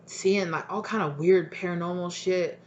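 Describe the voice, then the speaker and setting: A woman with a fairly low voice gives a casual tarot reading at a moderate pace, rambling bluntly with lots of fillers, swearing freely and acting out people's reactions in quoted voices. The highs are cut off and there is slight background noise.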